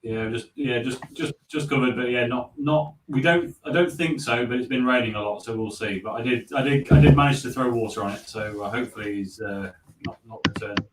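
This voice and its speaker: A man joins a relaxed stream chat, hesitant and often repeating his words. His pitch is mid-range, and his voice carries a roomy echo. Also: brisk, far from the mic, noisy background. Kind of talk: casual chat.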